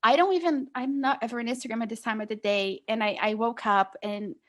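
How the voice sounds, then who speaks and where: A young woman speaks as a podcast guest in a fairly high voice. She tells her story in an earnest, rambling way, leaning on "like" and "you know". The tone is casual and conversational. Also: steady tone, fairly quick, fairly bright tone.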